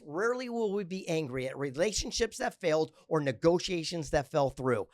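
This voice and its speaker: A man telling motivational parables as a podcast guest, energetic and emphatic. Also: moderate pace, few pauses, no room sound. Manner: energetic, emphatic, builds to a rousing pitch. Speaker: guest, author and speaker. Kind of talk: motivational storytelling.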